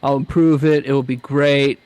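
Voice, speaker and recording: A man's voice: mid-range voice, flat delivery, normal speed, darkish tone, smooth, no echo. A man, a comic writer, talking as a guest in casual chat, rambling with hesitant restarts and mocking quotes.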